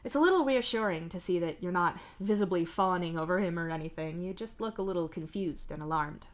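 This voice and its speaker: A young adult woman streamer reading fan fiction aloud in an even second-person narration, on a desk mic. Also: fairly low pitch, fairly quick. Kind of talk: live-streamed story reading.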